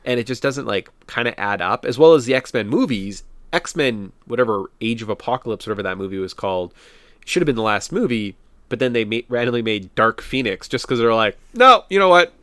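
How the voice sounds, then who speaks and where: A man with a cold, co-hosting a casual podcast about retro video games, excitedly recapping game stages and slipping into quoted voices. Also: fairly low pitch, a little fast, no echo. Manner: animated, jumps into quoted voices. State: has a cold. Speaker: podcast co-host.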